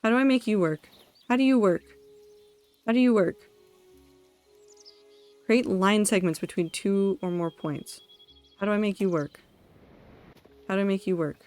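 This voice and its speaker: A woman streaming herself building in a game, thinking aloud, talking to herself and her chat, quickly excited and dramatic. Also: medium pitch, faint music behind. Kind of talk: casual live-stream commentary while building in a game.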